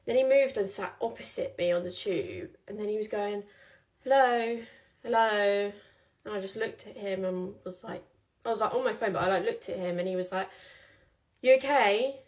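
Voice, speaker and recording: A woman's voice: mid-range voice, quick pace, a little mellow. A young woman telling a personal story in a casual vlog, chatty and rambling with many fillers.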